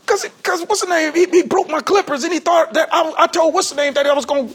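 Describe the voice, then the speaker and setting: A man acting out a young street shooter who explains himself in a rushed, defensive way, close to shouting. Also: extremely high pitch, steady tone, pitched above the performer's own voice. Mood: agitated.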